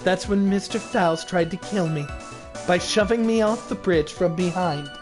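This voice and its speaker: Young woman witness, calm recounting, read by a man in his own voice; loud game music underneath. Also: sits high, normal speed, lightly acted.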